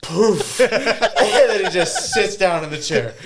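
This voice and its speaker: Man, slightly high voice, casual rambling storyteller on a group podcast. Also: animated, slow pace, a loud crowd. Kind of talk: casual chat.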